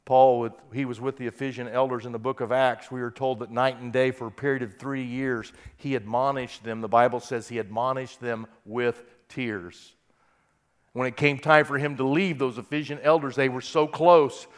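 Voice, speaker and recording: A man preaching a sermon who reads scripture aloud and swings from quiet, soft passages to loud, impassioned peaks. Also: mid-range voice, fairly even intonation, normal speed, clean tone. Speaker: pastor.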